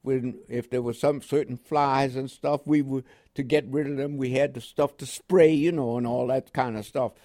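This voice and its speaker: A man's voice: medium pitch, fairly even intonation, normal speed, warm tone. An elderly man from Panama, a veteran telling stories in an interview, rambling with frequent "you know" and chuckles. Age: older. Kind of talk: storytelling interview.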